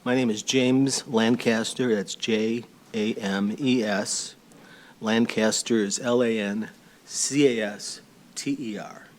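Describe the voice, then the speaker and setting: A man speaking as an attorney at a public board hearing, halting and pausing between points. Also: fairly low pitch, fairly even intonation. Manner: halting, with fillers and pauses while looking up notes. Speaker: attorney for a petition sponsor. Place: public hearing room, speaking into a table microphone.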